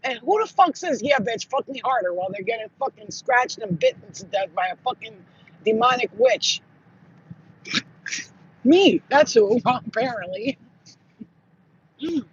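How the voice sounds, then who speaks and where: A man telling spiritual stories in casual monologue, profane and animated, acting out what people said. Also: very high voice, a little slow, pauses often, lo-fi sound, a little hiss or hum. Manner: profane, animated, acts out quotes. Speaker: spiritual channel host.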